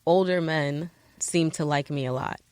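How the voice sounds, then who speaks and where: A woman's voice: low-pitched, unhurried, darkish tone, smooth, dry recording. A woman in her twenties, a podcast guest, blunt, confident and joking. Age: 20s. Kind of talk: candid podcast chat.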